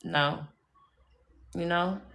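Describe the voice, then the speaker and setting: Gravelly and a bit bright, this woman's fairly low voice stays steady and draws out her words. On her live stream, the spiritual reader chats emphatically through personal stories, swearing freely and addressing viewers as y'all and baby.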